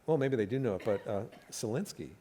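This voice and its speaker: A man's voice: mid-range voice, expressive, quick pace, dark tone, a little hiss or hum. A middle-aged man, a comedian, telling stories on stage, laughing at his own jokes and acting out quotes. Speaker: comedian guest. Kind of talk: storytelling conversation on stage. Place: live talk event stage.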